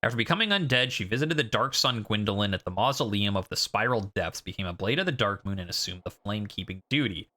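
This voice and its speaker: A male game streamer talks through his playthrough in a casual, rambling way, often stopping himself and poking fun at his own stumbles over words. His voice is bright and forceful, set a little low for a man. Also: animated, fast talker, hardly any pauses. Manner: rambling, self-deprecating. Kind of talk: casual gameplay commentary.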